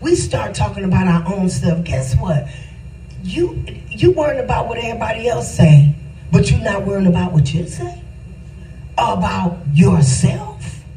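A woman's voice: mid-range voice, lively intonation, measured pace, creaky, dark tone, echoey room, recorded from a distance, slight background noise, rough recording. A woman pastor giving a casual spiritual testimony with an emphatic, repetitive, preacherly cadence.

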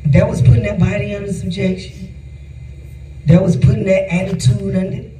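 Male preacher, high mellow voice, talky and animated, recorded far from the mic in a reverberant room. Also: normal speed, a little hiss or hum. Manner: conversational, animated preaching with laughter. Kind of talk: sermon.

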